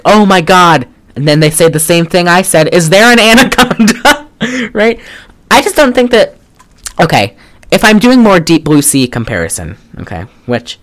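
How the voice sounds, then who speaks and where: A podcast co-host recapping a film in casual chat, rambling with lots of "like" and wry, sarcastic asides. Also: mid-range voice. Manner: trails off and restarts often.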